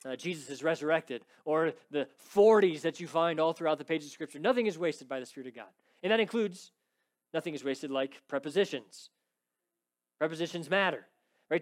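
A man preaching an expository sermon, emphatic and rising to pleading intensity when quoting scripture, often checking in with "right?". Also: a little high. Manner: frequent "right?" checks with the congregation. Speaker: pastor.

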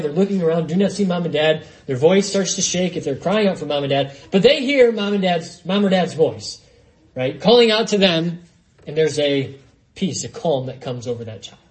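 High-voiced man preaching a sermon. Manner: expository, conversational asides with "right?".

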